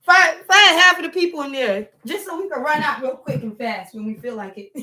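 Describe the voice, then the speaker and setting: A woman chats on a livestream, joking freely and jumping between hushed asides and loud outbursts. Her voice sits high and swoops widely, with a bright, sharp edge. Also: moderate pace. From New York. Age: 40s. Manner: animated, joking, breaks into laughs and shouts. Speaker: livestream host. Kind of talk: casual livestream chat.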